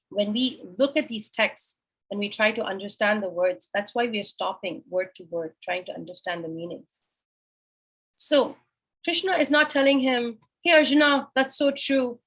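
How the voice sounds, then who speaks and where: A woman's voice: medium pitch, husky, rough recording. A woman teaching a scripture class, explaining a sacred text verse by verse and asking and answering her own questions.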